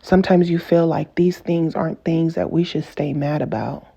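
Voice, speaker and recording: A woman's voice: deep voice, fairly even intonation, moderate pace, vocal fry, warm tone, slightly rough. A woman vlogger in an earnest, casual monologue who repeats and rephrases herself for emphasis. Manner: earnest, repetitive, builds emphasis through rephrasing. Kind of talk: casual personal monologue to camera.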